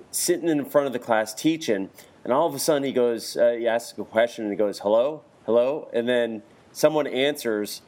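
A man in a mid-range voice hosts a relaxed conversation. He tells lively anecdotes. When he quotes someone, he jumps up in pitch to act the line out. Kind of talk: casual podcast chat.

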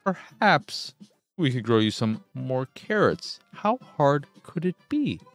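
A man's voice: mid-range voice, big pitch swings, slow pace, no room sound, soft background music. A man voicing Carlton, an earnest, literal-minded artificially intelligent robotic arm, in a stiff robotic voice.

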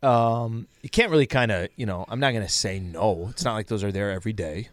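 A man co-hosting a sports radio show, relaxed, trading dry jokes with the host. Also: on the low side, a little fast, dry recording. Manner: dry joking, easygoing. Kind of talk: casual sports radio banter. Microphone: studio microphone.

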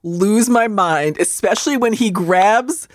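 A woman's voice: mid-range voice, a little slow, no echo, clean studio sound. A woman co-hosting a podcast in casual chat, laughing often and swearing. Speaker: podcast co-host.

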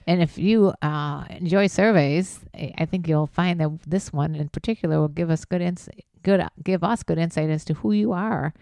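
A woman's voice: on the low side, moderate pace, gravelly, few pauses, mellow, no room sound. A middle-aged woman co-hosting a casual podcast with her son, frank and blunt in how she talks. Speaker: podcast co-host, mother. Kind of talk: casual chat.

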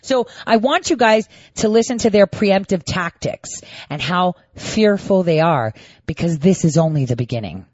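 A woman's voice: lowish voice, expressive, moderate pace, a little mellow, dry recording. Woman host, combative and mocking, talks to camera. Dry, muffled audio. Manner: mocking, indignant, addresses viewers directly. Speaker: online show host. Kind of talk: combative political commentary.

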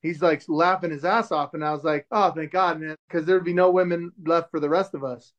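A man's voice: a little high, brisk. A man in his forties telling a story in a casual chat, acting out the voices of the people he quotes. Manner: animated, acts out quoted dialogue. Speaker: show host telling a story as podcast guest. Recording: dull lo-fi sound.

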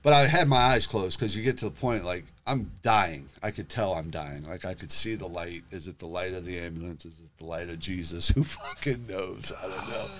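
A middle-aged man telling a story in casual chat, animated and emotional, swearing freely. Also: low voice, brisk, few pauses. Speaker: guest telling his story.

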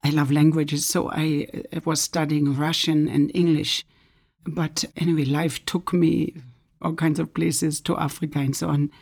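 A middle-aged woman from Germany, introducing her own book with earnest personal storytelling. She often drops into a soft near-whisper. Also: low voice, little pitch movement, measured pace, gravelly, husky. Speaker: author.

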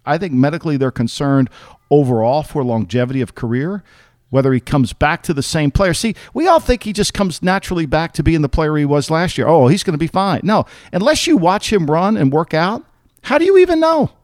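A man's voice: a little high, expressive, a little fast, no echo, clean studio sound. Blunt, emphatic middle-aged man on a podcast. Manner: blunt, emphatic, argumentative, curses freely. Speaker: podcast host, former football executive. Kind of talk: casual sports podcast chat.

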